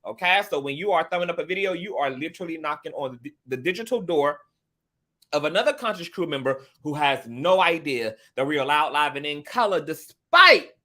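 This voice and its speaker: A man's voice: a little high, animated, fairly quick, a bit bright. A man hosting an online commentary show in a casual, flamboyant, sassy way, calling his viewers girl and honey. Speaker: commentary channel host. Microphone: home studio mic.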